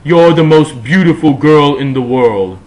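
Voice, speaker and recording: A man's voice: a little high, unhurried, darkish tone, natural voice, rough recording. A man voicing a lovestruck teenage goth boy who makes overwrought, melodramatic declarations of love.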